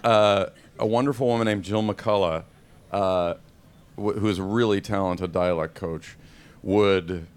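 A man's voice: low-pitched, fairly even intonation, unhurried, clean tone. A man answering questions as a guest at a live film Q&A, hesitant and self-deprecating, with many restarts and laughs. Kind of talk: casual panel Q&A. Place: event hall with live audience.

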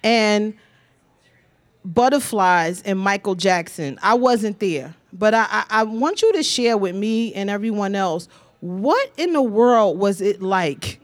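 A woman's voice: medium pitch, expressive, slow. A woman interviewer asking playful, teasing questions in a casual conversation.

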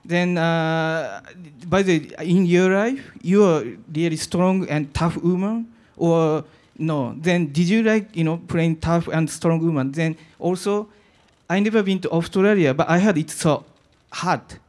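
A high-pitched man gushes at the audience microphone. He speaks halting English with small grammar slips. He piles several questions together, warm and eager. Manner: eager fan, halting non-native English. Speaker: audience member asking questions.

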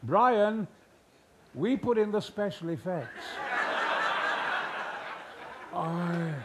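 An older man from Yorkshire tells a guest anecdote with a high, booming voice that swings wildly up and down. He is theatrical and breaks into loud, shouted lines mid-story. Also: sing-song, moderate pace, heavy background noise. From Yorkshire, England.

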